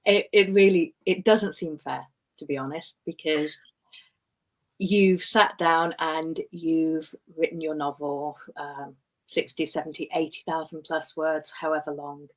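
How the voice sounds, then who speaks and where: A woman with a low voice and a slight lisp, talking casually as a writing coach. She is chatty and self-mocking, explaining things in a relaxed, conversational way. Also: unhurried. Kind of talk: casual chat.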